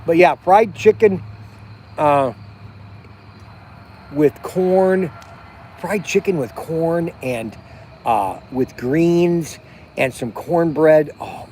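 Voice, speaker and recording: Sitting outdoors by a campfire after dark, a middle-aged man livestreams for his vlog, wandering from thought to thought with lots of fillers and false starts. The voice is fairly high and slightly mellow, and a little noise sits in the background.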